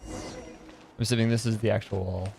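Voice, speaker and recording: A man's voice: lowish voice, fairly even intonation, measured pace, creaky, noisy background. A man hosting a casual let's-play, reading game dialogue aloud between comments and laughing often. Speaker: gaming channel host.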